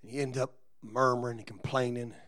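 Preaching briskly with fairly even intonation, the man shifts his Pentecostal sermon from quiet musing to shouted, rhythmic exhortation, punctuating it with "uh." He is the pastor.

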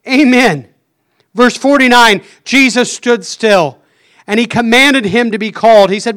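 A man preaching with fervour, with a high voice that rings bright and clear. He breaks up his phrases with frequent "Amen"s. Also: measured pace. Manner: fervent, punctuates phrases with "Amen". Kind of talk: sermon.

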